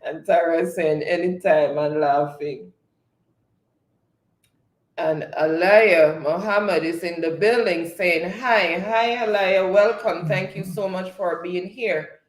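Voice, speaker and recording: A man hosting a live stream, reading viewers' chat comments aloud in a relaxed way and often laughing. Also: high voice, slow pace. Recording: echoey room.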